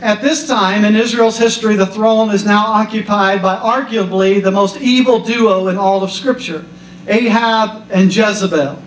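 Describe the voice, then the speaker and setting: A man's voice: sits high, fairly even intonation, normal speed, slight background noise. A male pastor in his thirties or forties giving a casual, story-driven sermon to his church. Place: church hall. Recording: roomy echo from a distance.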